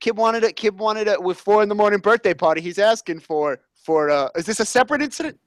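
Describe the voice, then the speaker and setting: A man playing a defensive barbecue fanatic who blusters and stammers through excuses in a high, bright voice. He swears freely. The sound is dry and close. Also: fast, no room sound, natural voice. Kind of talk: improv comedy sketch.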